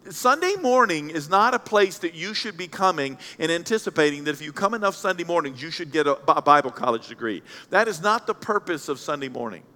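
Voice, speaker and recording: A man preaches a Sunday sermon, blunt and animated, slipping into the voices of the people he describes. His voice sits high for a man. The sound rings out with a long hall reverb. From Central Kentucky. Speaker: pastor. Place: church sanctuary.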